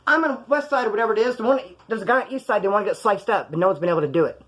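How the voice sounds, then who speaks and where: This man talks very fast in a high voice, sharing prison stories with a Californian accent. His casual monologue is animated and full of swearing, and he often acts out other people's voices.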